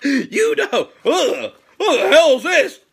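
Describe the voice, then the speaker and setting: A middle-aged man hosting a toy fan mail unboxing, loud and excitable, joking crudely and breaking into sudden high squeals. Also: slow, a little hiss or hum. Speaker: toy channel host.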